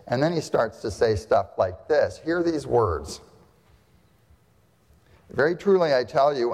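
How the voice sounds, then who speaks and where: A pastor delivering a sermon in a conversational style, often asking rhetorical questions and checking in with "right?". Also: male voice, mid-range voice, darkish tone. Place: church sanctuary. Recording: long reverb of a church hall.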